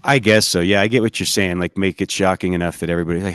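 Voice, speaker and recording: A man's voice: deep voice, steady tone, very fast, few pauses, fairly bright tone, clean tone, no echo. A man on a podcast panel chatting casually in a dry, matter-of-fact way. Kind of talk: casual chat.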